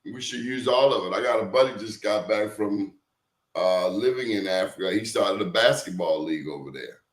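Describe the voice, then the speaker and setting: A man telling stories in a lively interview, acting out quotes and questioning his listener. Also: fairly low pitch, moderate pace, echoey room. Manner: animated storyteller, acts out quotes, asks the listener questions. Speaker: guest. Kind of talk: casual storytelling interview.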